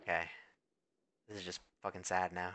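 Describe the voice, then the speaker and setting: A man streaming a video game, reacting excitably, swearing a lot and talking to his chat. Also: low-pitched, normal speed. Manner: talks to chat and thanks followers. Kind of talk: live gameplay commentary. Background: faint game music.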